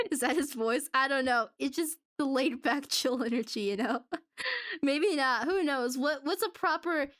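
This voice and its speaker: A woman's voice: high-pitched, no echo, clean studio sound. A woman streaming live in casual chat, giggling often and rambling with restarts.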